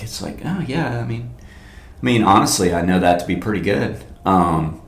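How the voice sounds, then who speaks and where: A man's voice: mid-range voice, very animated, brisk. A man hosting a fitness podcast, talking casually and bluntly with lots of fillers and rambling asides. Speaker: fitness coach and podcast host. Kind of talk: casual solo podcast talk. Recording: roomy echo.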